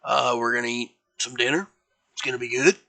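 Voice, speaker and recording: A man's voice: medium pitch, brisk, vocal fry, sharp tone. A man doing a folksy orc track coach. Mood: friendly. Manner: folksy and encouraging. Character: gruff middle-aged male orc track coach.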